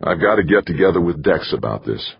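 A man reading an audiobook, voicing an excitable male scientist breathless over a discovery. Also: deep voice, brisk, creaky, slightly rough, dull audio, full character voice. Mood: excited. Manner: urgent, excitable.

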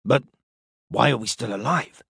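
A man voicing a rough male spaceship crewman, talking in a slow, blunt way with informal slang. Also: medium pitch, a bit bright, no room sound, studio quality, exaggerated voice. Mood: puzzled.

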